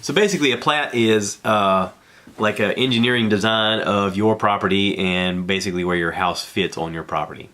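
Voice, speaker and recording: A man's voice: lowish voice, normal speed, bright, forceful tone. A middle-aged man hosting a podcast, telling a casual, rambling and self-deprecating story from his back porch, acting out what people said. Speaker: podcast host.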